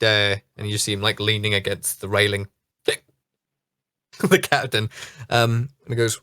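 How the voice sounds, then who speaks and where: A man narrating a tabletop game as dungeon master, relaxed and hesitant with many fillers. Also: on the low side, a little slow, long pauses, dry recording, clean studio sound.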